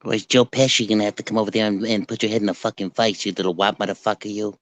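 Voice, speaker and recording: A man putting on a menacing, foul-mouthed male gangster with rapid-fire threats. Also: fairly low pitch, steady tone, fairly bright tone, no echo, pitched below the performer's own voice, natural voice. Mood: threatening.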